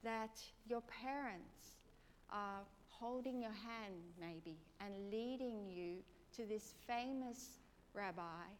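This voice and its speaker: A woman preacher leading a congregation through a gentle guided prayer meditation, asking soft questions. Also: fairly high pitch, takes it slowly. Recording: long reverb of a large hall, faint noise.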